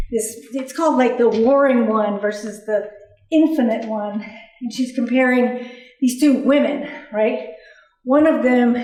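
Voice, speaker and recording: A woman's voice: a little high, a little mellow. A woman performing a candid, profane comic monologue on a theatre stage. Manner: profane, candid, bursts into laughing outbursts. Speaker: solo performer. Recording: roomy stage sound from far off.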